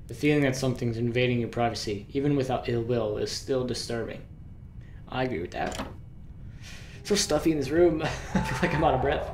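A man playing a horror game, reading the story text aloud and joking about it, with loud startled outbursts. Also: mid-range voice, normal speed, roomy sound, a little hiss or hum. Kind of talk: let's play commentary with read-aloud story text.

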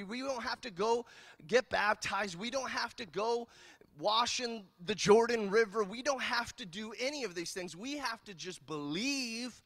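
A man from California preaching a sermon as pastor, telling jokes and stories in an animated way. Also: high-pitched, no room sound, clean studio sound. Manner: animated, joking storyteller. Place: church.

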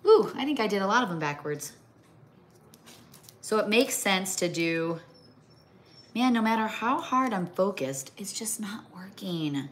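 A woman's voice: mid-range voice, lively intonation, a little slow, pauses often. A middle-aged woman from the American Midwest chatting casually on a livestream while she crafts, rambling and breaking off to talk to her pets. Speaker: livestream host. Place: home kitchen or craft table.

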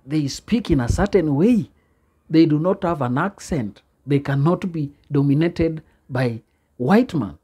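A man commenting on a speech clip, explaining its message in a measured way. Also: on the high side, mellow.

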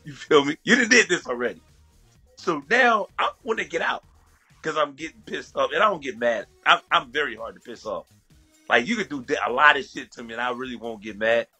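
A man's voice: a little high, animated, fairly quick, sharp tone, husky, faint music behind. A man from the USA telling a story as a guest, casual and profane, often laughing between lines.

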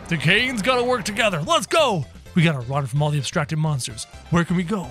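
A man doing excitable casual gameplay commentary, talking straight to his viewers. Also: a little high, fairly quick, hardly any pauses, soft background music. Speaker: gaming YouTuber.

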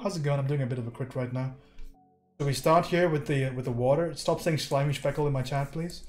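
A man's voice: mid-range voice, darkish tone. A man giving a casual live painting critique, joking loosely, swearing and answering his chat while he works. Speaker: livestreaming art instructor. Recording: roomy echo, faint background music.

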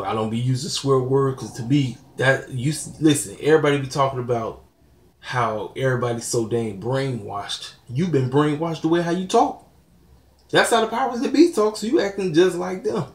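Man, young adult, vlog rant, blunt, preachy, echoey room. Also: medium pitch. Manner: blunt, preachy, laughing asides. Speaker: channel host. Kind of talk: casual vlog rant to viewers. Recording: roomy echo.

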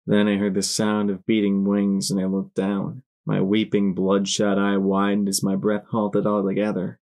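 A man giving dramatic, expressive first-person audiobook narration. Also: fairly low pitch, normal speed.

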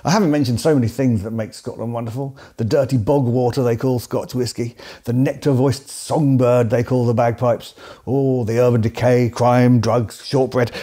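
A man's voice: medium pitch, fairly even intonation, moderate pace, dark tone. A man with an English accent, hosting and narrating a scripted comedy piece with a dry, sardonic delivery. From England. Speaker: host.

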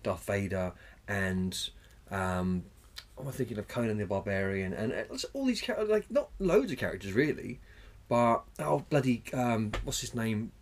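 A man's voice: on the low side, animated, normal speed. A man co-hosting a podcast in casual chat, rambling, swearing freely and searching for names mid-sentence. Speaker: podcast co-host.

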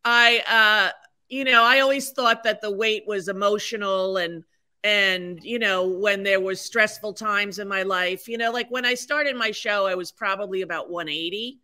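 A woman's voice: mid-range voice, fairly even intonation, normal speed, bright, forceful tone. A woman in her sixties, a podcast guest talking candidly and frankly, chatty and self-deprecating with lots of fillers. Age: 60s. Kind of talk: candid conversational storytelling.

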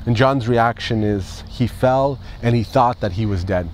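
A man's voice: mid-range voice, measured pace, darkish tone, slight background noise. Man preaching with rhetorical questions. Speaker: pastor. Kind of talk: Easter sermon.

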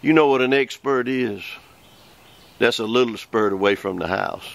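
A man in his sixties preaching a folksy sermon, slowing down to read scripture aloud. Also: medium pitch, creaky. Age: 60s.

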